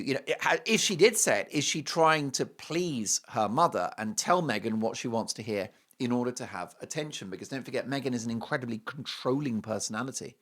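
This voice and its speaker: A man hosts a commentary show and delivers a monologue of opinion. He talks in a scornful, sarcastic way and leans hard on his points. His pitch swings widely, and his tone is bright and forceful. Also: expressive, moderate pace, few pauses. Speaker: host.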